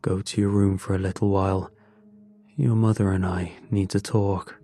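A man voicing a tense father who speaks quietly and with strain. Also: sits low, flat delivery, normal speed, faint music behind.

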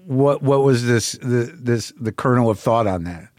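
A man's voice: mid-range voice, unhurried, darkish tone, no room sound, studio quality. A man hosting a casual interview, rambling with lots of restarts and swearing. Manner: rambling, frequent restarts, profane. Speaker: podcast host.

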